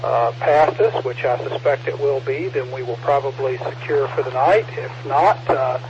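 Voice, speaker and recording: A man keeps an amateur radio weather net in order and talks in a steady, unhurried way. His voice comes through a dull, muffled radio channel. A clear layer of static hiss runs underneath it. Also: medium pitch. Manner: calm, measured, frequent "uh"s.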